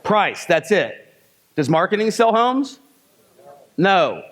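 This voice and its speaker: A man's voice: high voice, sing-song, slow, fairly bright tone. Punchy man coaching a seminar crowd. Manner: coaching with rhetorical questions, punchy commands. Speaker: sales trainer. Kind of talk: live seminar teaching.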